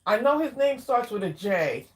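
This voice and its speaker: A woman hosting a casual craft livestream, chatting warmly with viewers by name and drawing out her exclamations while she eats. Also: a little high, sing-song, moderate pace. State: eating while talking. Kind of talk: casual live chat with viewers.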